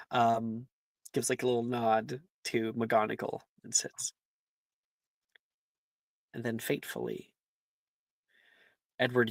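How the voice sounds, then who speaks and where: Narrating a tabletop role-playing game, a game master keeps things relaxed, laughing often and clearing his throat. His pitch sits in the middle, and the recording has no room sound.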